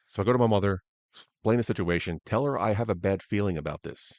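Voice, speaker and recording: A man's voice: deep voice, fast, gravelly, dry recording. A man hosting a solo podcast, telling a story in an angry, profane way. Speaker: podcast host.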